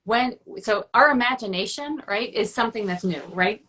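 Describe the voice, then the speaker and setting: A woman's voice: fairly high pitch, expressive, normal speed, bright, forceful tone, poor audio. A woman co-hosting a spiritual chat, telling stories reflectively and often checking in with "right?". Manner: reflective storytelling, frequent "right?" tag questions. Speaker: co-host.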